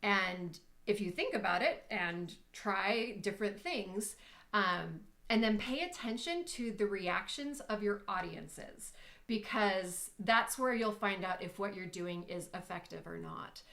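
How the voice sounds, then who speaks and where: Young woman coach chatting on a live stream, loose and laughy, thinks out loud. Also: medium pitch, lively intonation, measured pace, gravelly. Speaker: English communication coach. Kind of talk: casual live-stream chat.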